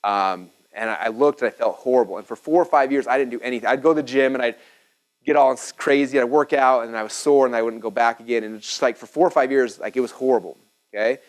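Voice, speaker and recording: A man in his thirties teaching a business seminar at a whiteboard, energetic and chatty, checking in with "okay?" and "right?". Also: medium pitch, quick pace, low-quality recording. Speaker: speaker teaching business marketing.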